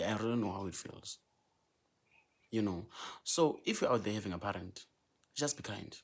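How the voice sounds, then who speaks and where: A young man from South Africa talks straight to his viewers in an emotional vlog, pleading and repeating himself, stumbling over restarts. His voice sits a bit low for a man. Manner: pleading, repetitive, stammers and restarts. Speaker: vlogger. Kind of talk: emotional vlog talk to camera.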